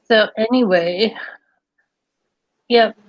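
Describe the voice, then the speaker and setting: A woman's voice: a little high, drawn-out words, dry recording. A woman hosting a casual livestream, chatty, giggly and rambling, on dry, slightly dull audio. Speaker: livestream host.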